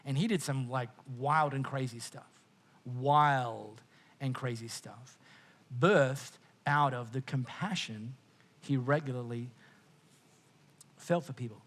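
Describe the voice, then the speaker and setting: A middle-aged Australian man preaching a sermon as pastor, conversational and jokey, with frequent quick restarts. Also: mid-range voice, fairly bright tone.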